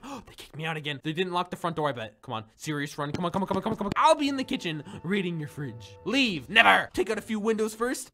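A young man riffs through gameplay with a bright, forceful voice that swings all over its range. He jokes and chatters to his viewers in a silly, playful way, with soft music under him. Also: high-pitched. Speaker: gaming video creator.

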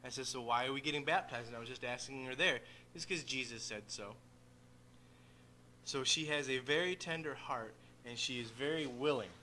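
A man sharing a gentle story about his young daughter during a church service. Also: mid-range voice, normal speed, a little hiss or hum, low-quality recording. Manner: storytelling, gentle, quoting a child. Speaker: father baptizing his daughter. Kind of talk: church testimony and baptism. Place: church baptistry.

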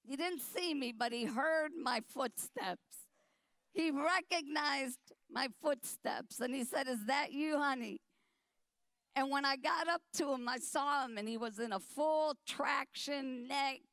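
A middle-aged woman telling her story at a dinner, animated and emphatic, acting out the quotes. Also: sits high, a little slow, dry recording.

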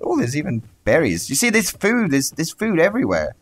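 A young South African man giving casual gameplay commentary, excitable and quick to swear and rant. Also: sits high. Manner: excitable, swears freely, rants heatedly. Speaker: gaming YouTuber.

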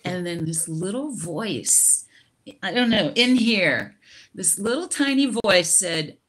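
A middle-aged woman on a video call, sharing her personal experience slowly and reflectively, with frequent laughter and restarts. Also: medium pitch, lively intonation, fairly bright tone.

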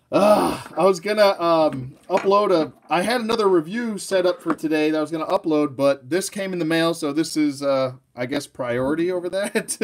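A young man excitedly unboxing toys on a live stream, laughing often and rambling with fillers. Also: a little high. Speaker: toy collector streaming live. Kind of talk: casual live unboxing chat.

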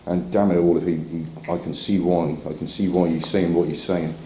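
A man's voice: sits low, fairly even intonation, brisk, warm tone, poor audio. A middle-aged man chatting casually to his camera and his dog while outdoors, often poking fun at himself. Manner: chatty, talks to his dog, self-mocking laughs. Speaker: vlogger walking his dog. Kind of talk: casual outdoor vlog chat. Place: outdoors on a rainy seafront. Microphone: handheld camera. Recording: faint outdoor noise.

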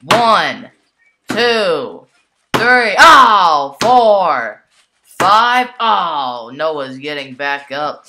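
A woman calls a toy wrestling match like a ringside commentator, keeps exclaiming and talks straight to the folks at home. Her voice sits a little low for a woman but has a bright, forceful edge. She takes her time between the big calls. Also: big pitch swings, drawn-out words, a little hiss or hum. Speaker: play-by-play commentator.

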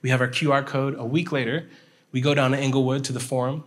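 A male pastor telling a story in a sermon, animated and checking in with his listeners as he goes. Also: medium pitch, fast. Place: chapel hall. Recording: long hall reverb.

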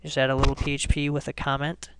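A man hosting a screencast programming lesson, explaining each step in a relaxed way and often restarting his sentences. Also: medium pitch, quick pace, background noise. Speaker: coding tutorial host.

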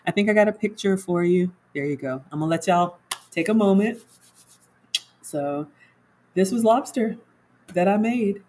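A woman's voice: mid-range voice, normal speed, long pauses, a little mellow, slight background noise, rough recording. A woman home cook chatting casually on a livestream, walking viewers through her cooking and reading their comments aloud.

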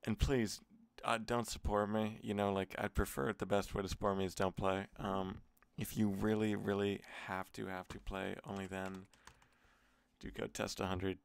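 A man's voice: sits low, creaky, smooth, no echo. A man streaming an online gambling session, swearing and muttering in exasperation at his losses. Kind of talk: casual gambling commentary.

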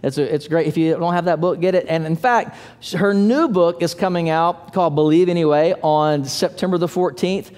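A man preaching a sermon as pastor, telling stories in an animated, playful way with little voices for the characters. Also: fairly high pitch, moderate pace, hardly any pauses, smooth. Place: church sanctuary. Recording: long hall reverb.

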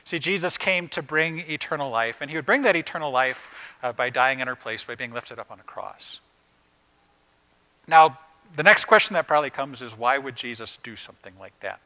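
Bright-voiced pastor preaching conversationally. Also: male voice, mid-range voice, a little fast, rough recording. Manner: asks the congregation rhetorical questions; plain, everyday wording with frequent "uh" fillers. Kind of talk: conversational sermon.

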